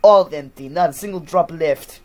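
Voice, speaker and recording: A man voicing a hearty Russian man pushing vodka, in a mock Russian accent, boisterous, loud and insistent. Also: on the high side, moderate pace, pitched above the performer's own voice, lightly acted.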